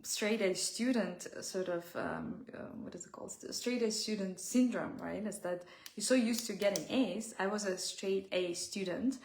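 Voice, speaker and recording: Heartfelt woman with a gravelly edge. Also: mid-range voice, a little mellow, echoey room. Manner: heartfelt, pausing to search for words. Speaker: self-help speaker. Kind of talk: reflective personal talk.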